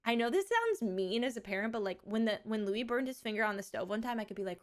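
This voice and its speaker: A young woman streamer telling stories in casual chat, with lively quoted asides. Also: on the high side, quick pace, few pauses. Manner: chatty storytelling, animated quoted asides.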